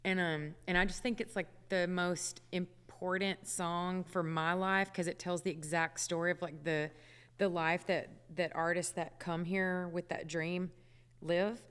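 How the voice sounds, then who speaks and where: A woman's voice: fairly low pitch, flat delivery, unhurried, fairly bright tone, clear, resonant tone, big-room sound. A woman singer chatting as a radio interview guest, with many fillers and laughs, in a studio. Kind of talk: casual radio interview chat.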